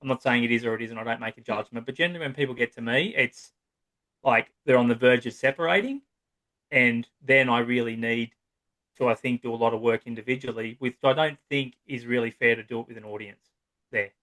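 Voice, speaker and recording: A man's voice: mid-range voice, brisk, bright, forceful tone. Chatty Australian man, long-winded talker. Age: 30s to 50s. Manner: long-winded, acts out quoted voices, frequent "right?". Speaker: psychotherapist guest. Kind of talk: casual podcast conversation.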